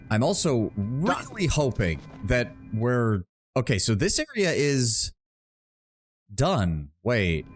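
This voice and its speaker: A man streaming live gameplay, talking casually, muttering his plans and swearing when frustrated. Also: lowish voice.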